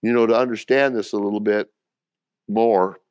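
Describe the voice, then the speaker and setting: A man's voice: fairly low pitch, fairly even intonation, moderate pace, a little mellow, clean tone, no room sound, lo-fi sound. A middle-aged man preaching a sermon as pastor, talking plainly and directly to the congregation and calling for responses.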